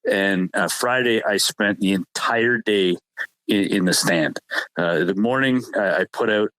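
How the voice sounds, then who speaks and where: Low-voiced man telling a hunting story. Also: fairly bright tone, dry recording, low-quality recording. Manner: halting, repeats words and restarts often. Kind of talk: casual storytelling chat.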